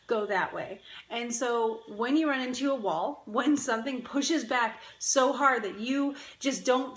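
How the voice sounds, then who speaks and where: A young adult woman hosting a casual live stream, talking in an upbeat, encouraging way, chatting with viewers and laughing often. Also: fairly high pitch. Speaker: live-stream host giving daily affirmations. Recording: echoey room with faint ambient noise.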